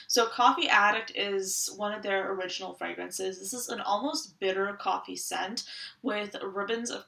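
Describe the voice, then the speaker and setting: A woman talks through her perfume collection in a casual review, eager and full of description. Her voice is bright with a gravelly edge. She sits a little back from the mic in a roomy, echoey space. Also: mid-range voice, distant mic. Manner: enthusiastic, descriptive. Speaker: fragrance reviewer.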